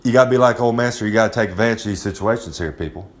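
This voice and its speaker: A man's voice: fairly low pitch, very fast. Swaggering man spitting loose advice. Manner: swaggering, loose, repeats "I'm just saying", streetwise slang. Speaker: recurring advice segment presenter. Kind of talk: casual monologue of wrestling tips.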